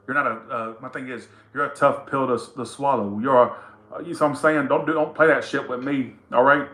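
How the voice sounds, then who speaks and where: A man's voice: mid-range voice, a bit bright, roomy sound, a little hiss or hum. A man giving a casual tarot reading to camera, blunt, teasing and full of profanity. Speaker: tarot reader.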